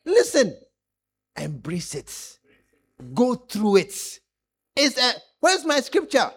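A man preaching a lively sermon, acting out stories and laughing along with the congregation. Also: sits high, a little slow, pauses often, breathy edge.

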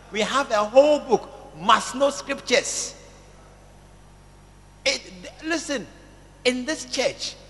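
Male pastor, slow, emphatic sermon delivery, long church-hall reverb. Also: extremely high pitch, sharp tone. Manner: emphatic, repeats phrases, calls for "amen" and "tell somebody".

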